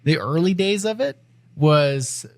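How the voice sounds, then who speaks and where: A man's voice: a little high, slow, no echo. Easygoing male co-host, dry sound. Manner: relaxed and easygoing, with filler "uh"s. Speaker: podcast co-host. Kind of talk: casual podcast chat.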